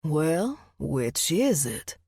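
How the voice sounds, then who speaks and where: A woman voicing a charming, flirty southern gentleman with a deep voice and a slow, teasing drawl. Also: sing-song, husky, no room sound, clean studio sound, heavily acted. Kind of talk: audiobook narration.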